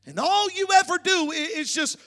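A man preaching a sermon as pastor, emphatic and sing-song, often shouting, with stammered restarts. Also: very high voice, expressive, moderate pace. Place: church sanctuary.

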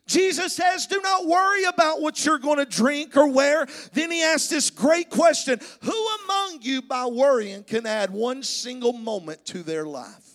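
A man with a strikingly high voice preaches to his congregation. He delivers his sermon emphatically, rising into shouts and a sing-song cadence, often stammering and restarting his phrases. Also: expressive, unhurried, hardly any pauses. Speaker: pastor. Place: church sanctuary.

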